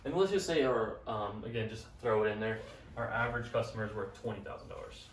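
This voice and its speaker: Young male coach, casual slangy teacher, lowish pitch, recorded off-mic in an echoey room. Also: lively intonation, quick pace. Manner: casual, upbeat, slangy explaining. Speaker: business coach. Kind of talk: whiteboard business lesson. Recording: roomy, from a distance, faint noise.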